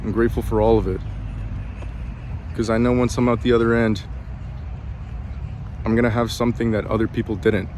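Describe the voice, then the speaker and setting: A man talking in a confessional personal vlog. He has a breathy voice, sounds a bit complaining, and hesitates with many fillers and restarts. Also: lowish voice, level tone, a little fast, long pauses, darkish tone, slight background noise. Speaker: vlogger.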